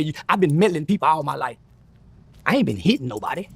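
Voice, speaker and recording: A man's voice: a little high, very fast, vocal fry, breathy edge, dry recording. A man telling a story casually and profanely, acting out other people's lines as he goes. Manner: animated, profane, acts out quoted voices. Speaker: guest.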